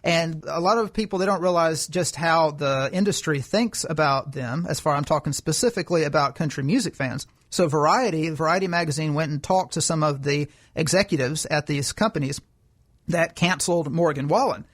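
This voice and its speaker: A man's voice: a little high, normal speed. A man co-hosting a political podcast, making his case in an emphatic, lecturing way. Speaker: podcast co-host. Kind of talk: political commentary chat.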